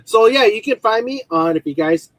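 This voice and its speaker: A man's voice: high-pitched, animated, normal speed, a bit bright, no room sound, poor audio. A man guest on a casual video call chat, rambling and repeating himself as he talks. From Filipino community. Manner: rambling, repeats "at the end of the day". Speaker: guest, toy seller.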